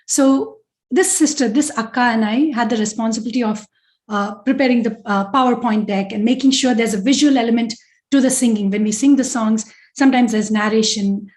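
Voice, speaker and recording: A woman's voice: on the high side, a little mellow. A middle-aged woman earnestly telling personal devotional stories as a guest speaker over a video call. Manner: heartfelt, earnest storytelling. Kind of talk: personal spiritual testimony.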